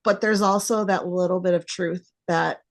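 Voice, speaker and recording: A woman hosting a podcast chats easily with her guest. Her voice sits a bit low and carries a gravelly fry. She turns animated whenever she acts out her own reactions. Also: normal speed. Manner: chatty, animated when acting out reactions. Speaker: podcast host. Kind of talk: casual interview chat.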